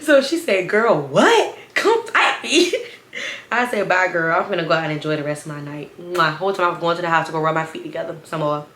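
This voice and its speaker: A young woman tells a story in a lively, sassy way and keeps turning to her viewers. Her voice is bright and forward, and the room gives it a noticeable echo. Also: deep voice, quick pace. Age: 20s. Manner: animated, sassy, talks straight to viewers. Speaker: storytime vlogger. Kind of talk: casual storytime.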